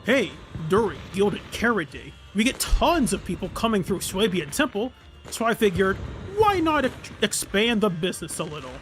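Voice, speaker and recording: Streamer reading as a chill money-minded panda guy, chatty, lively pitch, faint music. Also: normal speed, natural voice. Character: frugal easygoing panda man, a senior. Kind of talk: voicing game dialogue aloud.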